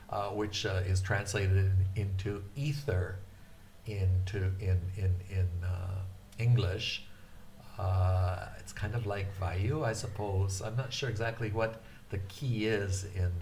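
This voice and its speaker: A man teaching a beginner Japanese lesson, hesitant with many filler sounds, repeating words slowly for students to practice. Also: on the low side, a little hiss or hum.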